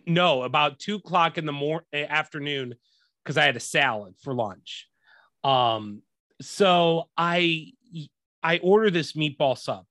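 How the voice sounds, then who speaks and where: A man's voice: fairly high pitch, unhurried, pushed and bright, dry recording. A man hosting a podcast, telling a long story as a profane, exasperated rant in a casual way. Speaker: podcast host.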